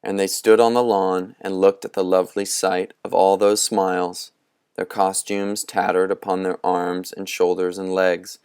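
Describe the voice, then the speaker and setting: A man narrating a storybook with a low, deep voice. He reads slowly and with measure, his tone smooth and clear throughout. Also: little pitch movement, a little mellow, dry recording, clean studio sound. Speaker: audiobook reader. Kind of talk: scripted narration.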